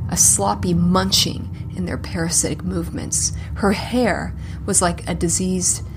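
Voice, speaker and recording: A woman narrating a scripted folk horror story in a dramatic voice that drops into hushed whispers at times. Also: on the low side. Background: music.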